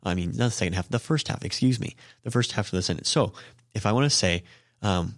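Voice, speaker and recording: A man's voice: low-pitched, a little fast, fairly bright tone, dry recording, clean studio sound. A man hosting a podcast language lesson, explaining Japanese grammar casually with frequent ums and self-corrections. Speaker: host and Japanese teacher.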